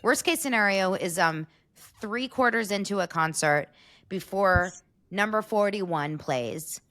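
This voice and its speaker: A woman co-hosting a podcast in casual chat, animated and mimicking crowd screams as she tells stories. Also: medium pitch, unhurried, no room sound. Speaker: podcast co-host.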